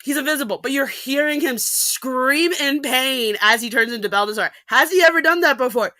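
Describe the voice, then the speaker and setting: A woman ranting animatedly in a casual podcast chat, with quick asides and restarts. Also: high-pitched, pushed and bright, no room sound. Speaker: podcast guest.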